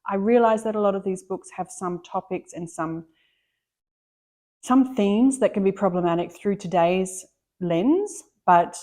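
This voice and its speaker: A woman's voice: lowish voice, warm tone. A middle-aged woman, chatting enthusiastically about books she loves as a book vlogger, often restarting her sentences. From Australia. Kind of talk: casual book chat.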